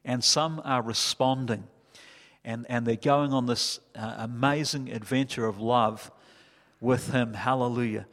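Impassioned New pastor in a reverberant hall. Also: male voice, mid-range voice, steady tone, a little slow. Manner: impassioned preaching, builds to loud climaxes. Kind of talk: sermon. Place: church hall.

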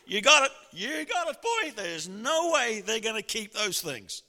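A man's voice: sits high, voice pushed up, heavily acted. A man voicing God as an amused, fatherly figure who teases and praises, in an echoey hall. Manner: playful, teasing, warmly approving.

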